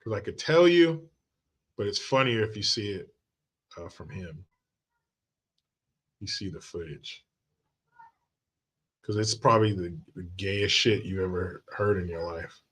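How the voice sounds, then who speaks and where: Guy ranting on his show, blunt and sweary, bright forceful voice. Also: deep voice, animated, measured pace, pauses often. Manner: blunt, profane, rambling. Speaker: commentary show host. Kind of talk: opinionated talk-show commentary.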